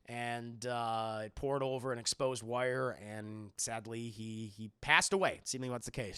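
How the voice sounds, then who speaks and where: A young man recapping a show on a live stream, profane and animated, talking to his chat. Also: medium pitch, normal speed, few pauses, clean tone, no room sound, studio quality.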